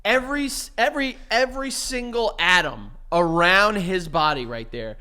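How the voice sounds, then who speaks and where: Male podcast co-host, lively swooping pitch, bright edge, playfully theatrical banter. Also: normal speed, smooth. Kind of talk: casual comedic chat.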